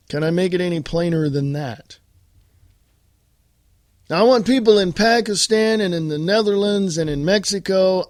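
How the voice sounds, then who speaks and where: A man's voice: high voice, no room sound, studio quality. An American man hosting a political talk podcast, delivering a blunt, combative monologue straight to his listeners. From United States. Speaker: podcast host.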